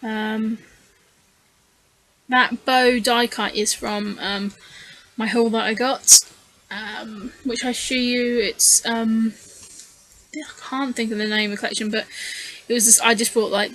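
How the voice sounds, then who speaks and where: A woman's voice: on the high side, little pitch movement, measured pace, a bit bright, a little hiss or hum, low-quality recording. A tired woman casually narrating her scrapbooking process in a voice-over, rambling and hesitant with frequent fillers. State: tired, yawning. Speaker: scrapbooking channel host.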